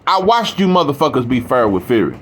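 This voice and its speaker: Heated, lively-voiced man ranting. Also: medium pitch, brisk, noisy background. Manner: heated, profane, rambling with restarts. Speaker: boxing commentator. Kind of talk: casual rant to camera.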